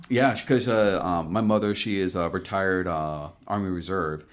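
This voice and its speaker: A man's voice: sits low, normal speed. A man co-hosting a podcast, telling rambling stories in a loose, casual chat full of fillers. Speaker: podcast co-host.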